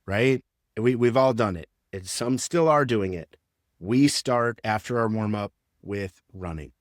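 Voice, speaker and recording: A man's voice: lowish voice, measured pace, dry recording, clean studio sound. A man who works as a strength and conditioning coach, explaining training in a casual podcast interview with lots of fillers.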